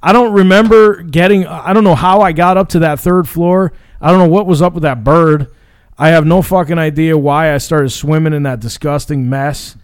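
A man's voice: fairly high pitch, fairly even intonation, moderate pace, clean tone, no echo. A man talking loosely and profanely in casual chat. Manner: loose, profane, laid-back. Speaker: podcast co-host.

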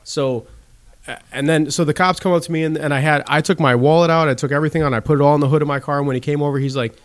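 A man spins an anecdote for his podcast co-hosts in a slightly high voice. He laughs through the telling and swears constantly. The delivery is loose and animated. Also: racing. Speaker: podcast co-host telling a story. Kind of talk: casual profane storytelling.

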